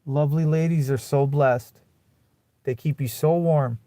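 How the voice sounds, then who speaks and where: A man's voice: fairly high pitch, steady tone, unhurried, dark tone, no echo. A young man ranting bitterly to camera in a casual vlog, muttering and then flaring into profane outbursts. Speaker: vlogger.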